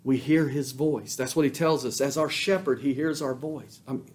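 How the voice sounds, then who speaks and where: A man preaching a sermon as pastor, fervent, swelling loud on emphatic lines and dropping soft on quiet ones. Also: medium pitch, normal speed.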